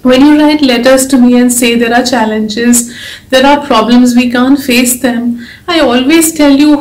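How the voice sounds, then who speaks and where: A woman's voice: sits high, a little slow, a little mellow. A woman giving an earnest, emotional devotional talk, urging her listeners to keep faith. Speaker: devotional speaker and author. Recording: echoey room.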